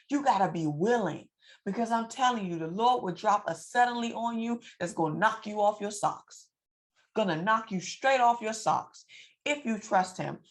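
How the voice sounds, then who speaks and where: A woman telling a personal story to her viewers in a lively, preacherly way, repeating phrases for emphasis. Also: fairly high pitch, moderate pace. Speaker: financial coach and vlogger. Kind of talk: casual storytelling to camera.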